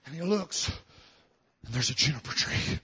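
A man preaching a sermon, swinging from soft murmurs to fervent shouting. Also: on the high side, expressive, normal speed, slightly rough, dull audio.

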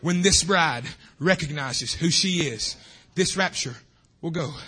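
A man preaching a fervent revival sermon in a church, swinging between shouting and hushed tones. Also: fairly high pitch, unhurried, slightly rough. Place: church sanctuary.

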